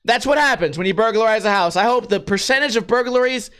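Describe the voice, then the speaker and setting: A young man hosting a podcast, rambling through a profane, animated story in casual talk. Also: high voice, fast talker, smooth. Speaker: podcast host.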